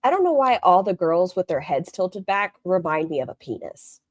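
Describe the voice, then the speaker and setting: A woman's voice: lowish voice, big pitch swings, moderate pace, a little mellow, dry recording, dull audio. A woman streamer reacting to a video with blunt, sarcastic commentary and plenty of swearing.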